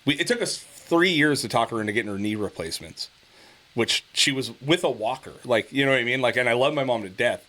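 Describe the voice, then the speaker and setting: A man's voice: mid-range voice, expressive, a little fast, bright, forceful tone. A middle-aged man co-hosting a podcast, chatting casually, swearing freely and breaking into laughter as he tells family stories. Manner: profane, laughs a lot while telling stories. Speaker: podcast co-host. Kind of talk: casual chat.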